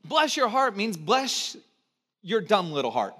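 High-voiced pastor preaching to his congregation. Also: sing-song, measured pace. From United States. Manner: conversational preacher, asks the congregation to repeat words, joking asides; swings between loud emphatic lines and low quiet ones. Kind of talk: sermon.

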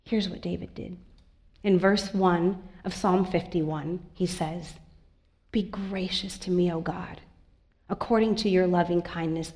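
A woman pastor giving a sermon in a church, earnest and confiding, moving between soft asides and emphatic lines. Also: fairly low pitch.

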